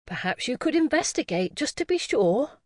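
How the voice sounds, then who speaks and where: A woman's voice: high voice, sing-song, normal speed, dry recording, studio quality, voice pushed up. A woman voicing a fussy, worried older woman who speaks in a fretful, insistent way.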